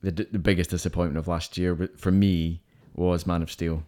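An eager podcast co-host rattles through films he liked and disliked in casual conversation, using many fillers. He talks fairly quickly in a low, dark voice with little pitch movement.

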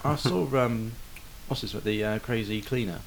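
A man with a fairly low voice hosts a loose podcast chat among friends. He meanders with fillers and laughs often. A steady hiss from his failing mic sits under every word. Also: normal speed. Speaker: podcast host. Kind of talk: casual chat. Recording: hissy mic noise.

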